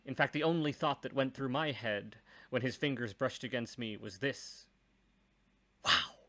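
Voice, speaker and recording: A man's voice: mid-range voice, moderate pace, fairly bright tone. A man reading a first-person story aloud, with dry, wry asides.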